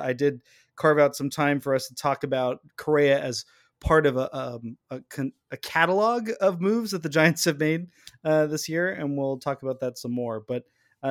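Male sports podcast host, slightly high voice, loose rambling delivery with laughs. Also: normal speed, no room sound, studio quality. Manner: rambling, self-correcting, laughs often. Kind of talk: casual sports chat.

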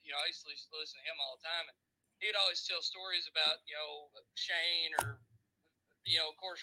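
A chatty man with a high, very bright voice talks casually on a podcast. He fills his talk with quick asides, "you know" and "like", in the manner of a longtime fan. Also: low-quality recording. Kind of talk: casual chat.

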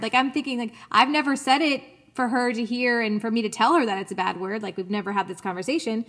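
Podcast co-host, woman, higher voice, loose chatty storyteller. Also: brisk, fairly bright tone. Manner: chatty storytelling, lots of likes. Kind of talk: casual chat.

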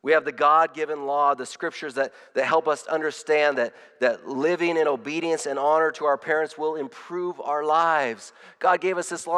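A man delivering a sermon in an earnest, rather high voice that often doubles back on words and restarts phrases. His voice rings with the long reverb of a large hall. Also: steady tone, normal speed, few pauses, a bit bright, smooth. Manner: earnest, with frequent word repeats and restarts. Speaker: pastor.

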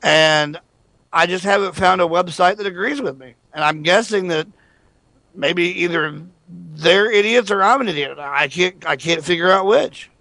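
Male radio host, fairly high voice, joking and opinionated, dry close sound. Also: moderate pace, vocal fry, bright, forceful tone, no room sound. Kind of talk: casual call-in radio talk.

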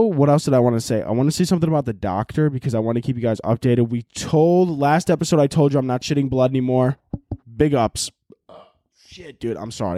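A young man hosting a solo podcast at home, talking in a loud, profane, animated rant and shouting at times, recorded on laptop audio. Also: medium pitch, dry recording, clean studio sound. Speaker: podcast host.

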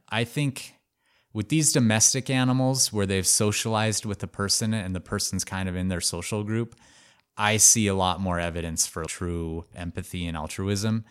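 A man co-hosting a podcast, telling a story in a casual, animated way with lots of "like" fillers. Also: sits low, clear, resonant tone. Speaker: podcast co-host.

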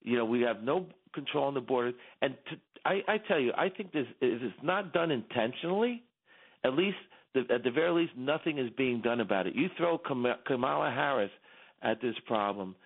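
A man's voice: medium pitch, animated, a little fast. A middle-aged man calling in as a radio guest, giving fervent, repetitive political commentary with many restarts, heard over a phone line.

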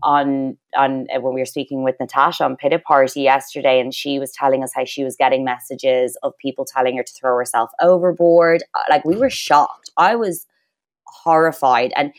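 A young Irish woman with a Dublin accent talks through her thoughts in a loose, rambling way, full of fillers and restarts. Her voice sits low for a woman. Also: steady tone, moderate pace. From Ireland. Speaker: guest, former reality show crew member. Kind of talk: casual podcast chat.

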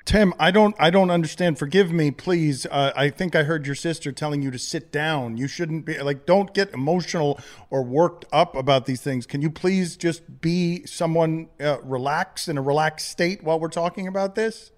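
A man hosting a radio show, talking to callers in a halting, polite, apologetic way. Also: fairly high pitch. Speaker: radio host. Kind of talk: talk radio call.

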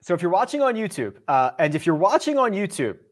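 A man's voice: high-pitched, big pitch swings, quick pace. A man hosting a golf podcast in a casual, upbeat and chatty way. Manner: upbeat, chatty, promotes sponsors and links. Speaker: podcast host.

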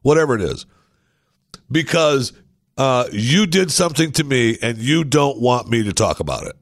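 A man's voice: mid-range voice, big pitch swings, normal speed, dry recording, studio quality. A man hosting a talk show, giving opinionated political commentary with indignant, sarcastic asides.

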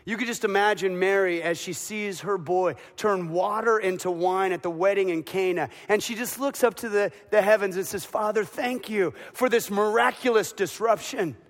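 A man preaching a dramatic sermon as a pastor, building to loud emotional peaks. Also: sits high, normal speed, hardly any pauses. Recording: long reverb of a large hall.

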